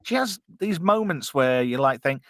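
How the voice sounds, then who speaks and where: This podcast co-host's voice sits on the high side, a bit bright, with lively intonation at a normal speed. He's hosting a casual live-stream film commentary, chatty and jokey, often doing silly voices. The studio-quality recording has no room sound.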